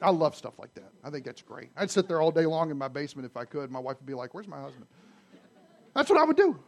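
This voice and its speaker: A man preaching a sermon to his congregation, conversational and animated, often asking the audience questions. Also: on the high side, fast, noisy background. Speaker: pastor. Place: church sanctuary.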